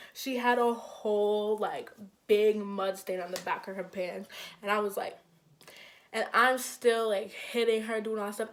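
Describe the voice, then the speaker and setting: A young woman from Minnesota, casually telling a personal story to camera, animated and full of "like", acting out what people said. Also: mid-range voice. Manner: animated, heavy use of "like", acts out quotes. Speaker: storytime vlogger.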